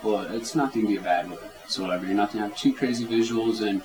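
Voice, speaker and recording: A man speaking as an interview guest in a relaxed, rambling way, with many fillers. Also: lowish voice, quick pace, rough recording. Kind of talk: casual conversational interview. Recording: crowd chatter clearly audible behind.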